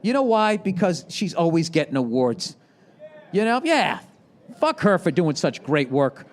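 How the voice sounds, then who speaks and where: Guy doing stand-up, high-ish voice, sarcastic swearing rant, shouts now and then, big live room. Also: very animated, unhurried, some chatter behind, a little hiss or hum. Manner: profane, sarcastic ranting with shouted bursts. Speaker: stand-up comedian. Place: large live venue with audience. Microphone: handheld microphone.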